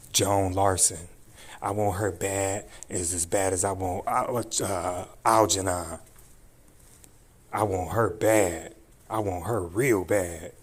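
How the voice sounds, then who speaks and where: Furious man ranting, husky voice. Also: deep voice. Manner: furious, profane, taunting, repetitive. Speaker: channel host. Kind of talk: angry ranting commentary.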